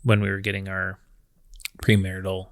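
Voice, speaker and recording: A man in his thirties co-hosting a casual talk about marriage, calm and even-toned, thinking aloud with restarts. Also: deep voice, moderate pace, no echo, clean studio sound. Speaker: podcast co-host.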